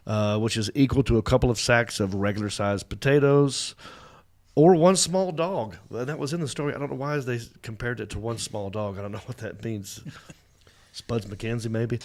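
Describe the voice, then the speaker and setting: A man with a scratchy, sore throat hosting a casual comedy talk show, joking and rambling through stories. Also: medium pitch. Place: studio set with a small crew.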